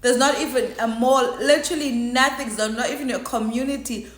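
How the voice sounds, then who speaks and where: A woman's voice: fairly high pitch, fairly even intonation, brisk. Emotional South African woman in a roomy echo. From Eastern Cape, South Africa. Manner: emotional, mixes English with isiXhosa. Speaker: vlogger. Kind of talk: casual vlog commentary.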